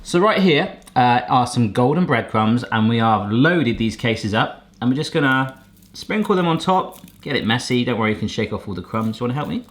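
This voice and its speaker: A man from England hosts a home cooking show, joking and chatting as he works. His pitch swings widely and lively from line to line. The talk stays loose and playful. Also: a little fast. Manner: playful, jokey, animated. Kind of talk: casual cooking chat. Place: home kitchen.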